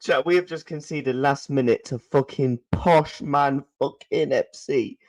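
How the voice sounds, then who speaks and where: A young man vents to his stream chat. He is furious and swears, repeating the same lines over and over. His talk is slow and drawn out, into a desk mic at home. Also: medium pitch, poor audio. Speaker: football fan channel host. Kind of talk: angry post-match reaction to live chat. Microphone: desk mic he is adjusting.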